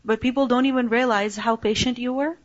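Woman teaching scripture, a bit high. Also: steady tone, a little fast. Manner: storytelling with rhetorical questions; recites verses in Arabic. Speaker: religious teacher. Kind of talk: Quranic lecture. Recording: dull lo-fi recording.

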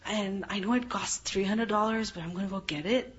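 A woman's voice: medium pitch, brisk, a little hiss or hum, voice pushed down, close to an everyday voice. A woman voicing a spoiled, greedy teenage girl who rattles off long breathless wish lists. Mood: dreamy. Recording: dull lo-fi recording.

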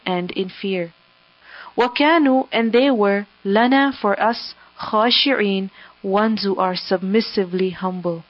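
A woman reads scripture one word at a time and follows each with an English meaning, pausing after every phrase. Her voice sits in a middle register. The recording is dull and lo-fi, with a dry, close sound and no room echo. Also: mid-range voice. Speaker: scripture reader and translator. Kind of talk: word-by-word recitation with English gloss.

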